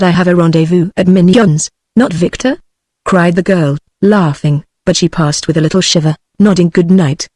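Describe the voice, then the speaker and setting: A text-to-speech woman's voice with a British English accent reads a classic novel aloud, flat and mechanical, sometimes speaking punctuation marks. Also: lowish voice, dry recording. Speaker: audiobook narrator. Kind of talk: synthetic audiobook narration.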